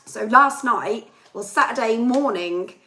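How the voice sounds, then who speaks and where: A woman's voice: on the high side, measured pace, bright, forceful tone, low-quality recording. Chatty woman, a bit chesty. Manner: chatty, ranting, reads viewer comments aloud. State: chesty, losing her voice. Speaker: livestream host and singer. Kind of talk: casual live chat with viewers.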